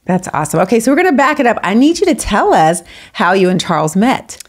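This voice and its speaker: Podcast host: a woman with a lively, swinging voice, enthusiastic and quick to laugh. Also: medium pitch. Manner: enthusiastic, laughs along often. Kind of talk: casual interview.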